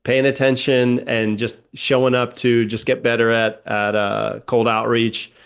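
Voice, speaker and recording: A man's voice: mid-range voice, little pitch movement, a little slow, vocal fry, clear, resonant tone. A man co-hosting a podcast in casual chat, friendly and rambling, with hesitations. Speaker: podcast co-host.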